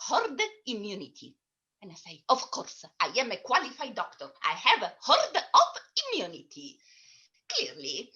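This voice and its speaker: A pompous, self-assured Italian woman doctor, as a comedian puts her on, rambling through her boasts in a bright, forceful voice. Her pitch swings wildly from low to high. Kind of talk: online character comedy.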